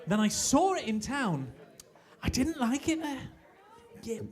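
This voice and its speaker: A man's voice: extremely high pitch, very animated, a little slow. A man hosting a live cabaret night, chatty and jokey between acts. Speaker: host. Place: small club stage. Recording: live club with music.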